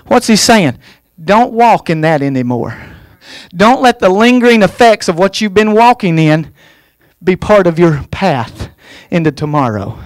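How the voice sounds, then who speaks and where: High-voiced fervent man preaching a revival sermon. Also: no echo. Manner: fervent preaching, swinging from quiet asides to loud shouted calls; folksy humor. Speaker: guest pastor. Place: church.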